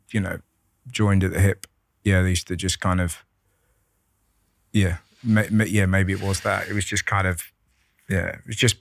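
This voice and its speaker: A British comedian guest telling personal stories in a rambling, halting way, with frequent restarts and casual swearing. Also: male voice, on the low side, fairly bright tone, no room sound, clean studio sound. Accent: British English. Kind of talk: candid conversational storytelling.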